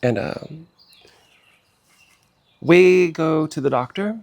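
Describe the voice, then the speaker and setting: A middle-aged man telling a painful personal story in a halting, emotional way, with many pauses, fillers and sighs. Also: on the high side, animated, creaky. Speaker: personal vlogger.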